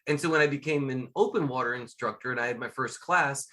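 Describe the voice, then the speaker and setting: Speaking quickly in a mid-range voice, a middle-aged scuba instructor and magician guests on a casual interview. He's an animated storyteller who performs the quoted lines as he goes.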